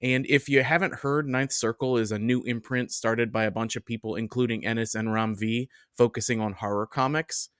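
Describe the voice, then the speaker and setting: A man's voice: medium pitch, fairly even intonation, moderate pace, few pauses, fairly bright tone, no room sound, clean studio sound. A man chatting casually as a podcast guest, easygoing and often restarting his phrases.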